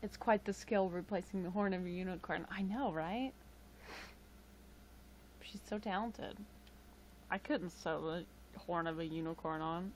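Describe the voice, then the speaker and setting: A woman's voice: lowish voice, unhurried, pauses often, a little hiss or hum. A tired woman chatting casually with live-stream viewers, rambling with frequent chuckles and fillers into a webcam mic. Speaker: livestream host.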